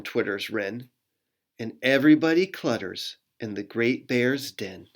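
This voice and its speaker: A pastor reading a picture book aloud to children, playful and animated with sound effects, then leading a short prayer. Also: mid-range voice, a little slow.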